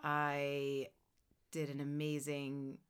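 A woman's voice: deep voice, monotone, extremely slow, clear, resonant tone. A woman from Ontario with a Canadian accent, co-hosting a casual podcast chat, hesitant with lots of ums and restarts. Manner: hesitant, many ums and restarts, laughs often. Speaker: podcast co-host.

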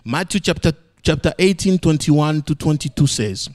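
A man preaching a sermon, playful and animated, swinging between high exclamations and low emphatic lines. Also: moderate pace.

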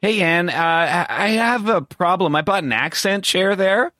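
A man's voice: high voice, measured pace, sharp tone, no echo, clean studio sound. A man hosting a podcast, joking around and making prank phone calls with mock urgency. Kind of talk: casual prank-call banter.

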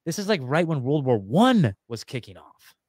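A man's voice: on the high side, very animated, moderate pace, a little mellow, breathy edge, dry recording. A man appearing as a guest on a casual podcast, rambling and conspiratorial, with many fillers and restarts.

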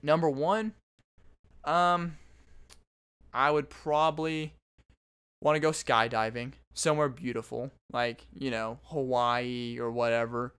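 A young man in his twenties with a smooth, resonant voice at an ordinary middle pitch. He hosts his own show and talks in a loose, rambling way, often stopping and restarting his sentences. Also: fairly even intonation, slow pace, long pauses, a bit bright. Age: 20s. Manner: rambling, self-interrupting storyteller. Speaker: podcast host. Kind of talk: casual solo monologue.

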